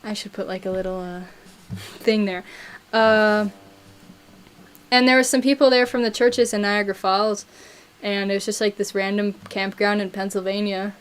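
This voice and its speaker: A young woman from Buffalo who talks to her stream chat in a loose, excitable, chatty way, with a light Buffalo accent. Her voice sits at an ordinary middle pitch for a woman. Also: normal speed, long pauses, clean tone. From Buffalo, New York. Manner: chatty, excitable, reads viewer chat aloud. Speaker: musician streamer. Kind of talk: casual live-stream chat.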